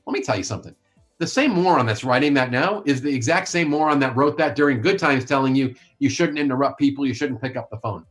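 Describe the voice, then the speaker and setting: Man in a podcast interview, forceful blunt sales-coach delivery, mid-pitched voice, faint music underneath. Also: brisk, hardly any pauses. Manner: blunt, emphatic, opinionated.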